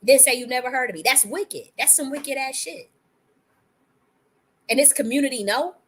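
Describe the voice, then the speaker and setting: A woman's voice: high-pitched, a little hiss or hum. Angry woman ranting with a cold. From United States. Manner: angry, profane, rapid-fire ranting with restarts. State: has a cold. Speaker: livestream host. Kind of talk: heated monologue on a livestream.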